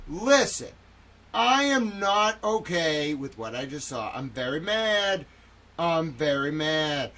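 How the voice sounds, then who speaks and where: Upset streamer guy, kinda high voice, slow, keeps repeating himself and stammering. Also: very animated, fairly bright tone. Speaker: livestream host and reporter. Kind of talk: live-stream commentary. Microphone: studio microphone.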